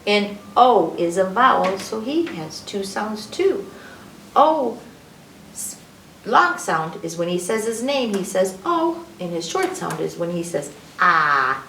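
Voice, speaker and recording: A woman reads a picture book aloud to children at an unhurried pace. Her voice leaps up and down as she plays with each letter sound. She sounds a little distant from the mic in an echoey library room. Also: mid-range voice, very animated, creaky, a bit bright, slight background noise. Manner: playful, sing-song phonics teaching with sound effects. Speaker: library storytime host. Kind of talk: children's read-aloud lesson.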